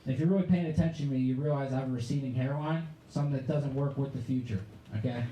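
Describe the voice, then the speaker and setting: Young guy doing standup, sarcastic rants, super dark mellow voice, echoey club. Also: medium pitch, quick pace, slight background noise. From Pittsburgh area. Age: 20s. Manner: sarcastic, ranting delivery. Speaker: stand-up comedian. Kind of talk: stand-up comedy set. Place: comedy club stage.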